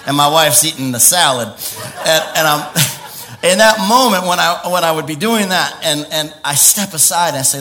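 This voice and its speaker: Animated bright-voiced male preacher. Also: normal speed. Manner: animated, laughing, with sudden high exclamations and quiet stretches. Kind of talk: lively sermon.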